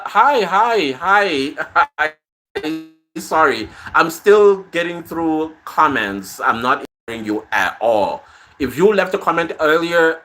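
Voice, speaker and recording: Bright-voiced man chatting on a live stream. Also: medium pitch. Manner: conversational, reads viewer comments aloud, trails off softly. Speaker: podcast host reading live comments. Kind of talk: casual live-stream chat. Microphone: phone.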